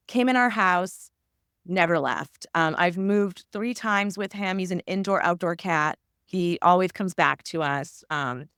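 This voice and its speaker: A woman's voice: lowish voice, a bit bright, smooth, no echo, studio quality. A woman guest, an author and tarot reader, talking earnestly and reflectively in a casual interview, with frequent fillers.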